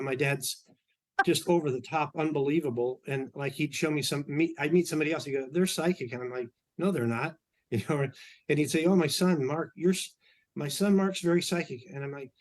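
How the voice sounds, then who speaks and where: Middle-aged male guest, loose anecdotal storyteller, lots of ums and restarts. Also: mid-range voice. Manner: relaxed anecdotal, many fillers and restarts. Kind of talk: storytelling in an interview.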